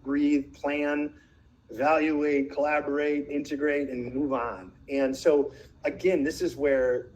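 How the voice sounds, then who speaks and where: Animated man presenting a parenting webinar. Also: on the high side, poor audio. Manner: animated storytelling with acted quotes and many restarts.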